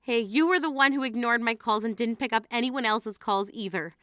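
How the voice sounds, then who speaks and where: A stern, indignant grieving sister, played by a woman in a dramatized text-message story, scolding with a high, bright, sharp-edged voice. The recording is dry and close, with no room sound. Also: brisk, dry recording, close to an everyday voice. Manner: scolding, exasperated.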